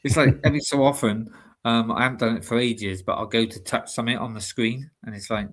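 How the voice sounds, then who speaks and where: A man's voice: fairly low pitch, fairly quick. Chatty man, laughing a lot. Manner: rambling, laughs often, chatty slang. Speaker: livestream co-host. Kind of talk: casual chat.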